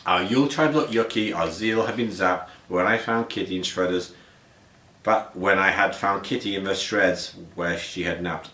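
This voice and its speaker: A man's voice: sits low, moderate pace, sharp tone. Man reading a rhyming storybook aloud. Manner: rhythmic, with slips and restarts. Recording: roomy echo.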